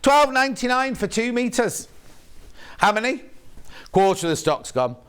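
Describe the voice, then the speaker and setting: A man's voice: very high-pitched, very animated, normal speed, a bit bright, clean tone. A man presenting on a live shopping channel from a TV studio, chatting rambly to viewers and correcting himself as he goes. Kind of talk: live sales presenting, reading viewer messages.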